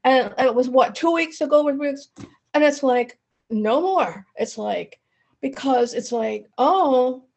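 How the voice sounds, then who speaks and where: Woman, slow, halting, emotional, high voice, video call. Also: expressive, creaky, darkish tone. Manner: halting, emotional, many restarts. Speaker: study group member. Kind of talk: casual sharing in an online group.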